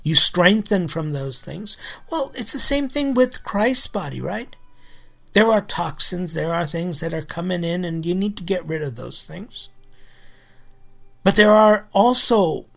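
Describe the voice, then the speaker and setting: Gravelly-voiced man giving a sermon. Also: high voice, expressive, a little slow, fairly bright tone. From Los Angeles, United States. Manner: storytelling, asks the listeners rhetorical questions. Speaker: preacher. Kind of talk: conversational sermon with a personal story.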